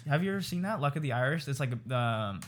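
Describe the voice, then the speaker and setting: A man's voice: medium pitch, animated, fast, faint music behind. A young man co-hosting a podcast, chatting casually with slang and swearing. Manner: slangy, profane banter. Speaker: podcast co-host. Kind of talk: casual chat.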